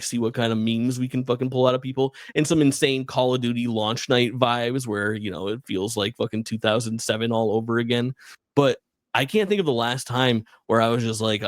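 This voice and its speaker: A young man co-hosting a podcast, talking in a relaxed, rambling way full of "like" and "dude". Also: medium pitch, no echo, studio quality. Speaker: podcast co-host. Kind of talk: casual podcast chat.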